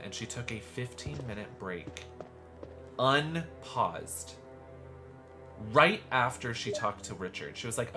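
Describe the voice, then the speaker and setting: A man's voice: medium pitch, a little slow. A man streaming a horror game live, chatting in a gushing, campy way as he plays. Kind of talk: live gameplay commentary. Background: game music.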